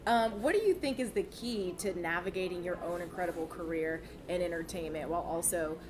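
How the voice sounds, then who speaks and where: A woman's voice: fairly low pitch, a little fast, darkish tone. A woman interviewing a guest, enthusiastic and affirming with frequent laughter. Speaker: entertainment interviewer. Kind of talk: interview questions.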